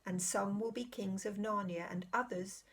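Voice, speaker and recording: A woman reading aloud, voicing a great solemn male lion king who speaks slowly and with authority. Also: mid-range voice, steady tone, close to an everyday voice. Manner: slow, solemn, commanding.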